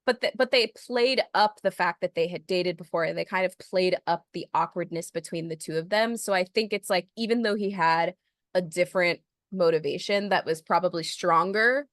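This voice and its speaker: A woman's voice: fairly low pitch, moderate pace, dry recording, studio quality. A woman co-hosting a podcast, animatedly recapping a film in casual chat. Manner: animated storyteller, recapping scenes with laughter. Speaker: podcast co-host.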